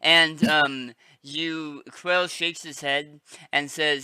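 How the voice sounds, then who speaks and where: A man narrating a tabletop game as game master, halting with many fillers. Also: on the high side, fairly even intonation, sharp tone, clean tone, no room sound.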